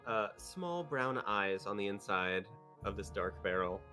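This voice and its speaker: A man narrating a tabletop game as game master, relaxed and laughing often. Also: fairly low pitch, a little slow, soft background music.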